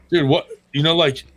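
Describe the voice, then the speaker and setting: A man's voice: fairly high pitch, fairly bright tone, husky, no echo. Crude joking American man. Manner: crude, joking, laughs often. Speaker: co-host. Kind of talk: casual podcast banter.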